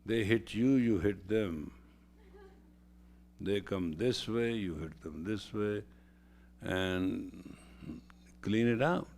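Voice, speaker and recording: A man's voice: fairly low pitch, slow, long pauses, darkish tone. A man lecturing as a spiritual teacher, emphatic and repeating phrases for stress.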